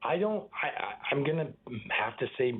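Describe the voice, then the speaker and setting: A man's voice: medium pitch, sing-song, normal speed. Easygoing young man on a tinny line. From Boston area. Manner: easygoing, rambling with filler words. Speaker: pro baseball player guest. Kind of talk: casual interview chat.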